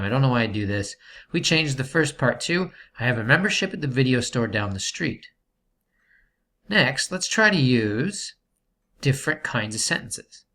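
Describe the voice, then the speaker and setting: A man's voice: mid-range voice, sharp tone. A man teaching a writing lesson, explaining sentence types patiently and checking in with "okay". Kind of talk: classroom grammar lesson.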